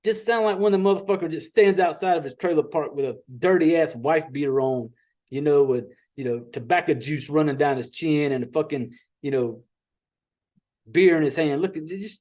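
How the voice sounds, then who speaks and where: A man's voice: fairly high pitch, darkish tone. Profane, rambling man recapping a film. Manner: rambling, profane, folksy storytelling with quick asides. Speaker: podcast host reviewing a horror film. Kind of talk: casual profane movie recap.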